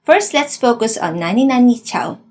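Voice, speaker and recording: A woman teacher explaining grammar clearly and patiently, working through example sentences. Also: a little high, expressive, normal speed, darkish tone, dry recording. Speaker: language teacher.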